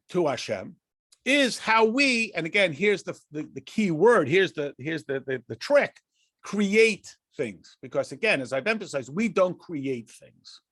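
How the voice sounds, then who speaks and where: An American rabbi teaches a conversational Torah class, asking and answering questions, often restarting and chuckling. His voice is a little high and a bit bright, recorded dry with studio quality.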